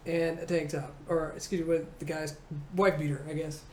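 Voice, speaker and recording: Animated woman telling a comic story. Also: low voice, normal speed. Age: 40s. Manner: animated, acting out voices, laughing. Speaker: comedian guest. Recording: roomy echo, faint noise.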